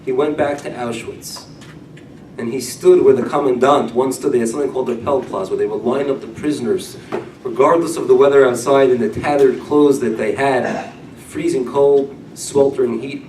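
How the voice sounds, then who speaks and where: A middle-aged man preaches a Torah class, his voice swinging from loud emphasis to hushed storytelling. He sounds set back from the mic in a roomy, echoing hall. A faint murmur of room noise sits underneath. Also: mid-range voice, normal speed. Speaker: rabbi. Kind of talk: sermon-style Torah class. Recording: echoey room, mic at a distance.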